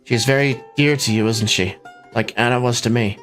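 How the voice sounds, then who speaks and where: A man's voice: mid-range voice, steady tone, brisk, a bit bright, faint music behind, natural voice. A man reading a timid grieving young prince.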